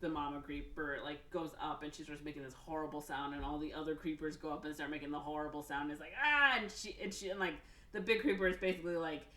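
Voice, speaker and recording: Bright-toned woman rambling in a roomy echo. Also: low voice, little pitch movement, quick pace, hardly any pauses. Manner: rambling, full of "like" and "or whatever", acts out quotes. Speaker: podcast co-host. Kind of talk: casual chat retelling a film plot. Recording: roomy echo, mic off at a distance.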